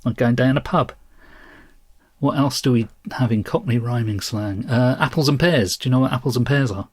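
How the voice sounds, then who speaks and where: A man's voice: medium pitch, moderate pace, breathy edge, no room sound, studio quality. A man co-hosting a podcast, chatting casually and often laughing as he explains things. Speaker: podcast co-host.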